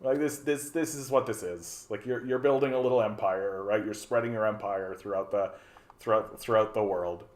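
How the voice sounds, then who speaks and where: A man's voice: lowish voice, normal speed. A man hosting a casual political stream, talking bluntly with lots of restarts and profanity. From Canada. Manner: rambling, blunt, profane, many restarts and fillers. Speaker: livestream host. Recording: roomy echoey room.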